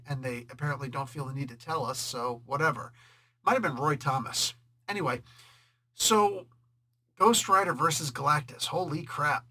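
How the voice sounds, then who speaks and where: In a casual comic book review, a man with a slightly high, somewhat rough voice jokes around animatedly, laughing often and putting on quick voices to quote characters.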